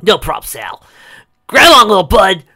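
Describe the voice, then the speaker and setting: A man's voice: extremely high pitch, big pitch swings, a little slow, fairly bright tone, clear, resonant tone, pitched above the performer's own voice, full character voice. A man voicing a cocky, carefree teen hedgehog hero from a fan-made storybook reading. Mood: laid-back.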